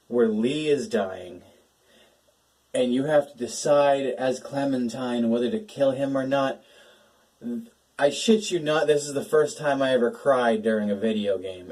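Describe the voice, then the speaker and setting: A man's voice: mid-range voice, a little mellow, far from the mic, rough recording. A young man hosting a casual gaming talk, emotional and swearing, laughing between his words. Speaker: gaming channel host.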